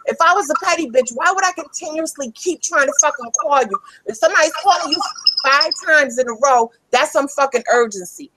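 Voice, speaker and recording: Furious profane woman ranting, high voice. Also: a little fast, very noisy. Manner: angry, profane, emphatic, repeats herself. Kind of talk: heated ranting.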